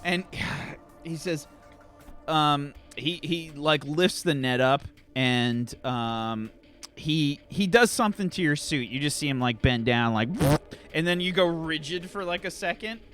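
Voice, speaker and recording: Man game master, high lively voice, unhurried, narrating a tabletop game. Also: soft background music. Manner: laughing, rambling narration with fillers.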